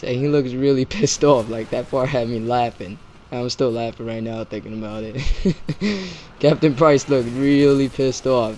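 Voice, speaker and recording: A man's voice: mid-range voice, slight background noise. A man giving rambling, chatty commentary over his own gameplay, tossing in the odd swear word as he talks. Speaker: gaming channel host.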